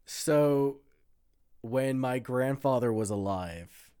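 A man's voice: medium pitch, takes it slowly, dark tone, clean tone. Blunt, profane podcast man. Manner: blunt, profane, exaggerated rants. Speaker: podcast co-host. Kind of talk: casual chat.

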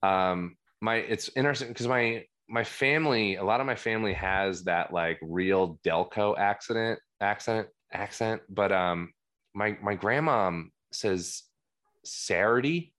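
A man in his thirties with a New Jersey accent talks on a podcast in a loud, rambling way. He keeps restarting his sentences. His voice sits low, but it has a bright, forceful edge. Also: a little slow. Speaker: podcast guest, musician. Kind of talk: casual podcast chat.

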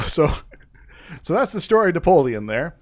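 A man's voice: on the high side, very animated, moderate pace. Rambling man in casual chat. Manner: rambling, full of fillers and restarts.

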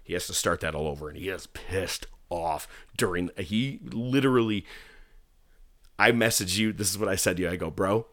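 A man's voice: low voice, moderate pace, dry recording, studio quality. A man co-hosting a casual wrestling podcast, telling stories with lots of swearing and acting out what people said. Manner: animated storyteller, swears freely, acts out quotes. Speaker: podcast co-host.

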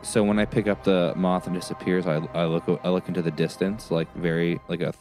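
A man playing a tabletop role-playing game, talking in a casual, wry and deliberate way. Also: sits low, flat delivery, darkish tone, soft background music. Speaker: player.

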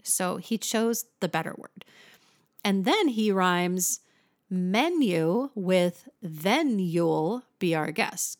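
A woman teaching a lesson on song lyrics, talking in an animated way and singing short snippets to show her points. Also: lowish voice, takes it slowly, no room sound, clean studio sound. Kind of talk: explanatory lesson.

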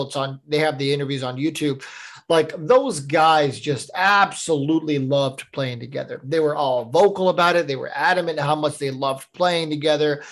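A man co-hosting a podcast, talking casually and easygoing with plenty of fillers. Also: fairly high pitch. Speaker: podcast co-host. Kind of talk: casual sports chat.

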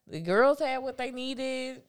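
Laughing woman podcast co-host, lively voice. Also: sits high, a little slow, clear, resonant tone, no echo, studio quality. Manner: laughing, relaxed, easygoing. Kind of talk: casual chat.

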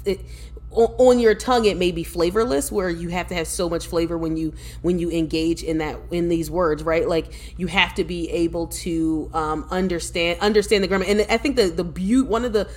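A woman talking as a podcast guest, telling lively stories with frequent laughter and restarts. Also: lowish voice, moderate pace. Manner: lively storyteller, laughs often, restarts sentences. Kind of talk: casual podcast conversation.

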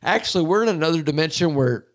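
Swearing podcast host guy, kinda high voice, goofing around. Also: animated, fast talker. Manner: profane, rowdy, jokey. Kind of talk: casual podcast chat.

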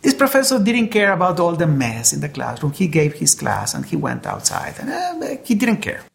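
A preacher delivering a sermon, weaving a story into the message. The voice is gravelly with a touch of fry, and the delivery is earnest, with frequent restarts as words are sought. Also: medium pitch, wildly swooping pitch, normal speed. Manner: earnest, repeats words while searching for them.

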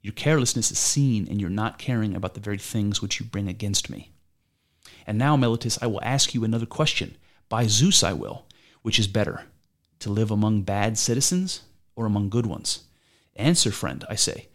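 At normal speed and with a fairly bright tone, a man with a lower voice takes the role of an aging philosopher in court. It's an amateur dramatic reading, and he argumentatively challenges his accuser with sharp rhetorical questions.

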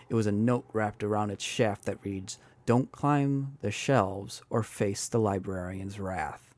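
A man's voice: medium pitch, a little mellow, no echo. A man, a podcast host, narrating a tabletop adventure story with dramatic, wry timing.

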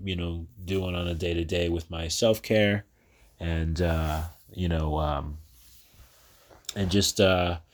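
A man in his thirties, originally from New Jersey, hosts his own podcast solo in a very low-pitched voice. His casual personal monologue rambles along chattily, often stalling on fillers and restarting sentences.

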